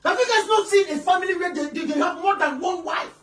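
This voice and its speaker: A woman playing an exasperated female relative who scolds two quarrelling wives, shouting and stammering repeats. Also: extremely high pitch, fast talker. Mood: scolding. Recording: roomy room, voice from a distance.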